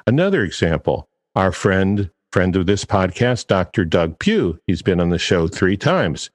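Low-voiced chatty male podcast host. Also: big pitch swings, a little slow, in a large hall. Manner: chatty, digressive, self-deprecating. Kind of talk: casual podcast monologue.

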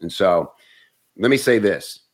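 A comedian and actor telling stories in casual chat, animated and often restarting words. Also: male voice, low voice, unhurried.

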